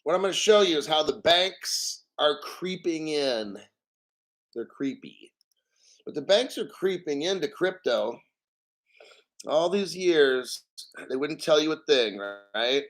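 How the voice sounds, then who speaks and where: A man's voice: on the high side, expressive, a little slow. Profane ranting male crypto host. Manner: blunt, profane, ranting, frequent throat clearing. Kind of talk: ranting commentary reading articles.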